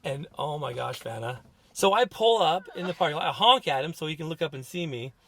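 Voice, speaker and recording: A middle-aged man co-hosting a podcast, telling a family story in a casual, animated way and acting out what people said. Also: on the high side, brisk. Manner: animated retelling with acted-out quotes. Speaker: podcast co-host, therapist.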